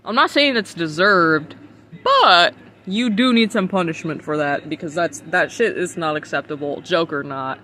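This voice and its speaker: A man's voice: high-pitched, expressive, moderate pace, bright, forceful tone, slight background noise. A man from the United States streaming casual reaction commentary, incredulous and profane, laughing often.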